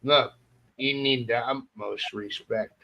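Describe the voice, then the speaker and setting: A man's voice: mid-range voice, steady tone, slow, vocal fry, sharp tone. A man speaking frankly and emphatically as a guest on a casual talk show. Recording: dull, muffled sound.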